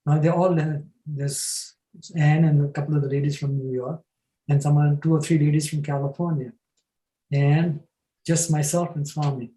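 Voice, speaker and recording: An older man spins a relaxed personal story, chuckling as he goes. His voice sits a little high and sounds mellow rather than bright. The recording has a roomy echo. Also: moderate pace. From from New Jersey. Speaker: panelist. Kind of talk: storytelling in a panel talk.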